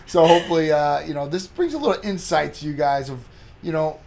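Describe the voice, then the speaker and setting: A man's voice: on the high side, lively intonation, a little fast, gravelly, heavy background noise. Easygoing man chatting to viewers. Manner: easygoing, many fillers, addresses viewers directly. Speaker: host of a wellness product talk. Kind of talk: casual chat.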